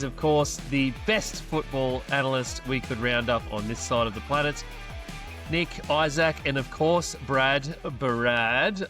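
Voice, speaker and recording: A man's voice: on the high side, fairly bright tone. An Australian man hosting a casual sports show, upbeat and playfully teasing his co-hosts. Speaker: podcast host.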